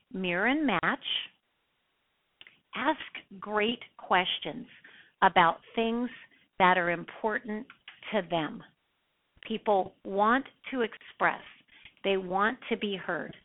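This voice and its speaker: Woman coaching real estate agents, quick and punchy, sounds like it's over a phone line. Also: mid-range voice. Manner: self-described fast talker, punchy and emphatic. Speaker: real estate sales trainer. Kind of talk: instructional talk.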